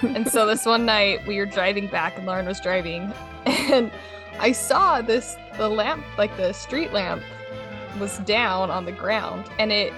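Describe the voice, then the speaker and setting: A young woman co-hosting a podcast, telling stories in a casual, giggly, animated way. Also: medium pitch, measured pace, music in the background. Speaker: podcast co-host. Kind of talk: casual chat.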